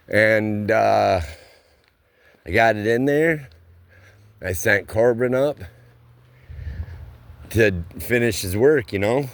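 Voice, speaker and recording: In a lowish, creaky voice with no echo, a man slowly rambles through a laid-back tale from his roofing work, full of plain spoken slang.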